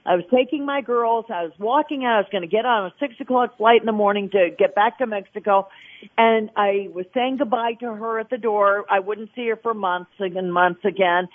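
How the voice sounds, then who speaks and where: A woman guest on a radio talk show, telling a personal faith story with feeling and acting out the voices she quotes. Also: medium pitch. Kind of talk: personal testimony in a radio interview. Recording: phone-line sound.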